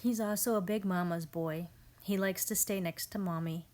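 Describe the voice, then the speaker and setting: A woman's voice: fairly low pitch, fairly even intonation, moderate pace, darkish tone. A woman in her thirties narrating a home garden video in a casual, amused, chatty way, often quoting her family. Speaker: family homestead vlogger.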